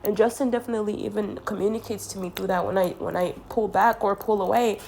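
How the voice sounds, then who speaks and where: A woman's voice: medium pitch, fairly even intonation, quick pace, vocal fry, darkish tone, a little hiss or hum. A woman talking straight to camera in an earnest, rambling monologue, sounding congested and often restarting her sentences. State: congested from sinus trouble.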